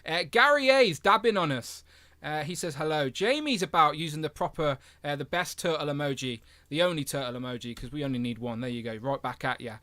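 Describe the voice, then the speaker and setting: English man, livestream host, high bright voice, dry close sound. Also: a little fast, dry recording. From England. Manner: upbeat, chatty, laughs often. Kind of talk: casual livestream chat, reading comments. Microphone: headphones with mic.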